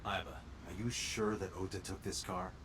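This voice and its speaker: A man's voice: deep voice, fairly even intonation, moderate pace, a bit bright. An actor playing a blunt male police detective in a video game, asking direct questions. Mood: probing. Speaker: game character. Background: music.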